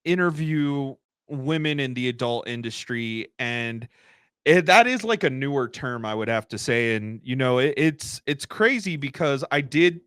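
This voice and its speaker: A man's voice: medium pitch, lively intonation, a little slow, a bit bright, clear, resonant tone, no room sound. A man in his twenties hosting a casual interview, often restarting and repeating words. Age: 20s. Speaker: podcast host.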